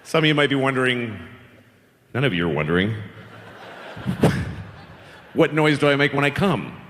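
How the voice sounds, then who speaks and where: A man's voice: mid-range voice, very animated, measured pace, a bit bright, a little hiss or hum. A middle-aged man doing wry, self-deprecating stand-up storytelling on a comedy stage.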